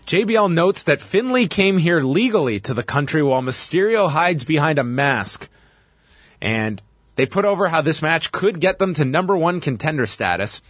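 A man co-hosting a casual chat show, recapping wrestling matches play by play in an animated way. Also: a little high, moderate pace, no echo. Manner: lively, animated storytelling. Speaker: podcast co-host recapping wrestling.

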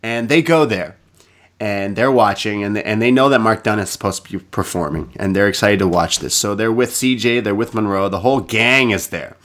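A man's voice: on the low side, moderate pace, a bit bright. A man co-hosting a casual podcast, recapping a movie in a rambling way, often laughing. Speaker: podcast co-host.

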